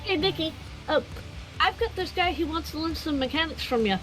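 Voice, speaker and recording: A woman voicing a bubbly, cheerful young baker, halting and full of fillers. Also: sits high, expressive, a bit bright, faint music behind, pitched above the performer's own voice, low-quality recording. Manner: hesitant, halting with many fillers.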